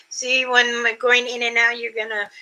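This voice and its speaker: An older woman hosting a casual live stream, chatting slowly with viewers and imitating creature calls. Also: on the high side, sharp tone, low-quality recording. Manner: slow, unhurried talk with frequent fillers. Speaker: livestream host.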